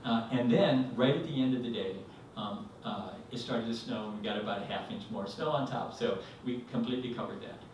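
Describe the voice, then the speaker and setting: A man's voice: medium pitch, brisk, hardly any pauses, background noise. A man telling a rambling personal story at a live storytelling event, acting out the voices in it. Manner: rambling, animated, acts out quotes. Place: live event venue, indoors. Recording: echoey hall, mic from a distance.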